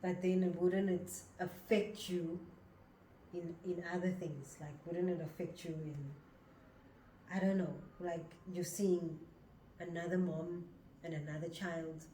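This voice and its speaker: A woman's voice: on the low side, steady tone, unhurried, mellow. A middle-aged woman from South Africa, co-hosting a casual podcast chat with her daughter, asking earnest, probing questions. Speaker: podcast co-host, mother. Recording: echoey room with faint noise.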